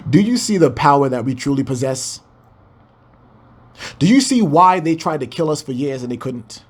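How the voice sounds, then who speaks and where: A man's voice: on the high side, fairly bright tone, husky. A man preaching a fiery scripture breakdown, firing rhetorical questions and swearing as he exclaims.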